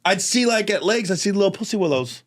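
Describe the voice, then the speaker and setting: Animated, high-voiced male storyteller. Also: fast talker, a little hiss or hum. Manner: animated storyteller who acts out other voices; laughs often while talking. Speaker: podcast guest. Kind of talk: casual podcast chat.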